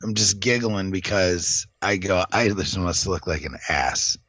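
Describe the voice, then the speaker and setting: A man co-hosting a casual chat, telling stories in a relaxed way and chuckling at himself. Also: low voice, unhurried, dry recording. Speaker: podcast co-host. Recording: dull, dry lo-fi mic.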